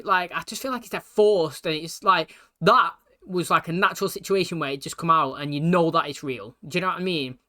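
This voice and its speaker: A man hosting a reaction video, talking in a rambling, earnest way. His voice has a bright, forward tone. He speaks in a casual, unscripted manner. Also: fairly high pitch. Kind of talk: casual commentary.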